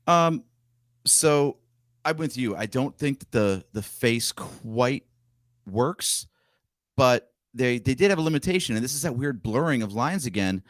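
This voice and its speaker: A man's voice: mid-range voice, expressive, unhurried, no room sound, studio quality. A man co-hosting a casual fan podcast, talking in a chatty, opinionated way. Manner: chatty, opinionated, shares pictures on screen. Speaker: podcast co-host. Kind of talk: casual chat.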